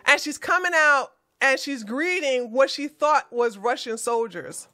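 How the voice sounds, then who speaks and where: A woman hosting a political commentary show, talking over a video in an animated, emphatic way. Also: sits high, unhurried, no echo, clean studio sound, soft background music. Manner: animated, emphatic, profane outbursts.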